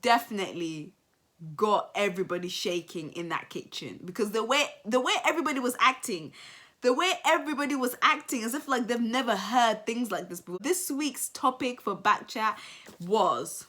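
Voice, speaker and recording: A young woman giving casual reaction commentary, animated and emphatic, repeating phrases for effect. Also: on the high side, moderate pace. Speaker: commentary vlogger.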